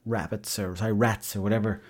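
Low-voiced Irish man telling stories. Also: little pitch movement, fairly quick. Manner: chatty, swears freely, tall-tale humour. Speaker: podcast host. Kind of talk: casual comic storytelling.

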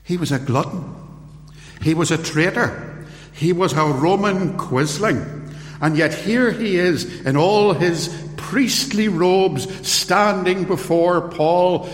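A man preaching a sermon, telling the story slowly and acting out the quoted voices. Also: a little high. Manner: slow, deliberate storytelling with acted-out quotes. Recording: roomy hall with long reverb.

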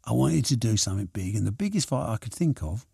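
Gravelly older man telling stories. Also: mid-range voice, fast talker, dry recording, clean studio sound. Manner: lively anecdotal storyteller, restarts and acts out quotes. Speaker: boxing and snooker promoter. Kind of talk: reminiscing interview answers.

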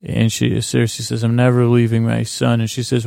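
Male podcast host, heavy vocal fry, flat monotone, rambling scene-by-scene recap, dry close mic. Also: normal speed, hardly any pauses, dry recording. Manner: rambling and meandering, many fillers and restarts; mumbling, low-key delivery. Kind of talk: casual sleepy recap, paraphrasing scenes.

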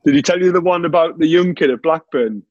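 A man's voice: fairly high pitch, quick pace, no echo, highs cut off. A man telling stories in a casual chat, laughing often and saying "mate" constantly. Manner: laughs a lot while telling anecdotes, says "mate" constantly.

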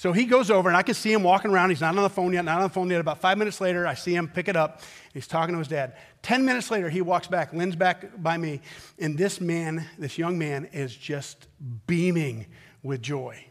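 High-voiced middle-aged pastor telling a story. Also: male voice, a little fast, a bit bright. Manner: anecdotal and emphatic, with rhythmic repetition. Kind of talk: conversational sermon storytelling.

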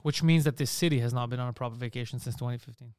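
A man's voice: mid-range voice, racing, smooth, no room sound, studio quality. A man co-hosting a podcast in casual chat, telling stories animatedly and swearing often. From Greek family. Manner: animated storytelling, swears a lot. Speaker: podcast co-host.

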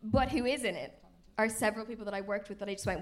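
A woman chatting on a podcast as a guest, quick and jokey. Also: mid-range voice. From Ireland. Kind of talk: casual chat.

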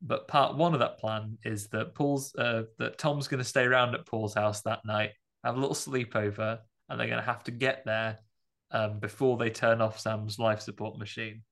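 A man's voice: mid-range voice, fairly even intonation, normal speed, creaky, fairly bright tone. A man in casual podcast chat, animatedly retelling a film's plot and acting out the characters' lines. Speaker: podcast co-host. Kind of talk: casual chat recapping a film.

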